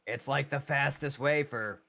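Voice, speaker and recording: A man with an ordinary mid-pitched voice chatting casually while gaming. He rambles from thought to thought, restarts his sentences, and drops in playful sarcasm. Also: measured pace, gravelly, bright, forceful tone. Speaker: co-op gaming partner.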